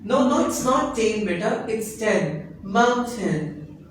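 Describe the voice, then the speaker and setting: A man teaching English pronunciation in a classroom, repeating each word slowly and patiently for his students. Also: sits high, expressive, slight background noise. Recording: echoey classroom recorded from a distance.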